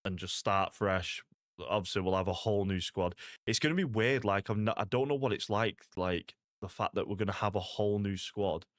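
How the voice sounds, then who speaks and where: A man's voice: deep voice, steady tone, brisk, no room sound, studio quality. A young man, chatting casually to viewers while playing a game, laid-back and full of "like" and "mate". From Salford, England. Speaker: streamer. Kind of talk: casual gaming stream chat.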